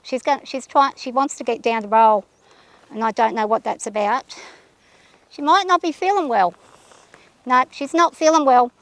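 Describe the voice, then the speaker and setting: A woman riding a horse outdoors, talking her nerves out loud and soothing her mount in a casual vlog. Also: on the high side, moderate pace, long pauses. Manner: anxious, thinking aloud, soothing her horse. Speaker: horse rider vlogger. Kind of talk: casual narration while riding. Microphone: camera held by a companion.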